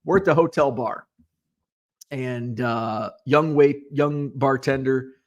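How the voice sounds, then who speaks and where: A man's voice: mid-range voice, fairly even intonation, slow pace. A man from Illinois hosting a podcast, chatting casually and rambling with lots of fillers and asides. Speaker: podcast host. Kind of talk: casual live-show chat, reading viewer comments.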